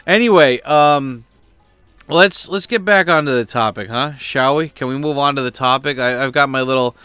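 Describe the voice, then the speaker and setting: A man's voice: mid-range voice, moderate pace, bright, forceful tone, clean tone, no room sound. A middle-aged man hosting a channel, venting in a rambling, blunt, crude way, full of fillers and restarts. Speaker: host. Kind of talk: casual venting monologue.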